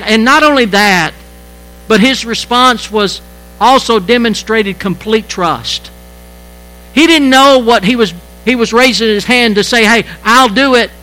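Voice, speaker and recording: Male pastor, high voice, halting sermon delivery, mains hum behind. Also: low-quality recording. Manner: halting, repeats words, shifts between quiet and emphatic.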